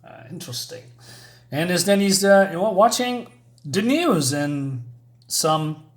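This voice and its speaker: A man's voice: sits high, lively intonation, unhurried. Chatty man reviewing a comic. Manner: hesitant, many fillers, chuckling asides.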